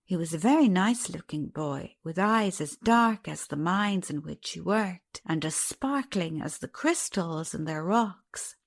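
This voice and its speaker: A woman narrating a classic fairy tale audiobook with an expressive, lively reading. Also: on the low side, a little slow, vocal fry, few pauses, no room sound, clean studio sound.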